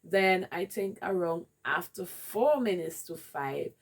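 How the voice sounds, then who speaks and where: A woman's voice: on the low side, animated, slow, husky. A woman with a Jamaican accent candidly telling a rambling personal story in a vlog. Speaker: vlogger.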